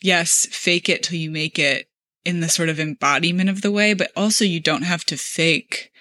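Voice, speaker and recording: A young woman talks as a podcast guest, her voice bright and a little tense, recorded close and dry. She speaks thoughtfully and gently, leaning on "like" and laughing easily. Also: lowish voice, steady tone, moderate pace, no echo. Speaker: podcast guest, social media manager. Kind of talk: casual conversational interview.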